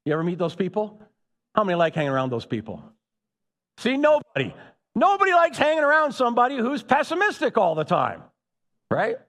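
A man preaches with a high, swooping voice that rises and falls constantly. He keeps checking in with the congregation as his words ring through a long-reverb church hall. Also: brisk. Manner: animated, calls out to the congregation. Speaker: pastor. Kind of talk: sermon. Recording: echoey hall.

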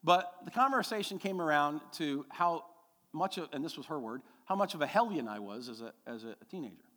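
A man's voice: fairly high pitch, expressive, brisk, fairly bright tone, long reverb tail. A middle-aged man preaching a sermon as a pastor, telling a personal story and building to emphatic, repeated declarations.

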